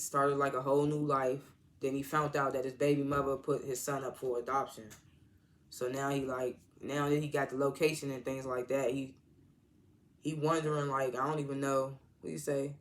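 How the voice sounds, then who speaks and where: A man casually recapping a TV episode in a rambling, slangy way, full of "like" and restarts. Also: medium pitch. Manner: rambling, heavy use of "like", restarts; slangy, informal grammar. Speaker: TV episode reviewer.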